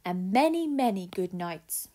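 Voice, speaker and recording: A woman voicing a calm, gentle big black cat who coaxes softly. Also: medium pitch, a little slow, close to an everyday voice. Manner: soft, coaxing and dreamy.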